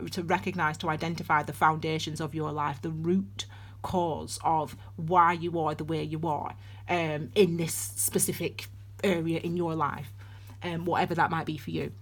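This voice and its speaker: A woman giving a casual tarot and astrology reading, rambling and chatty with many restarts, calling her viewers darlings. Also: low voice. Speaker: tarot reader.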